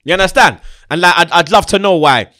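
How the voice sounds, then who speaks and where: A young man hosting a casual football chat, animated and slangy, swearing and laughing a lot. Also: high-pitched, fast, no echo, clean studio sound. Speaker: football channel host.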